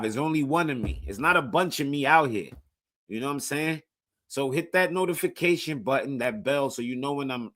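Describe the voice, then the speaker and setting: A man's voice: medium pitch, a bit bright. A man live streaming in casual chat, profane and hyped, pushing his viewers.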